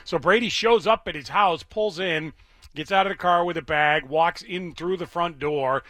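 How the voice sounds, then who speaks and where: Bright chatty talk radio host man. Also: a little high, moderate pace, no room sound. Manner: chatty storyteller, addresses co-host by name. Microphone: studio microphone.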